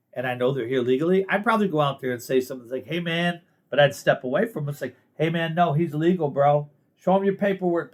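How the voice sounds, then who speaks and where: A man's voice: mid-range voice, fairly bright tone. A man from the United States giving a blunt, sarcastic monologue of political commentary as the host of his own show. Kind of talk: casual opinion monologue.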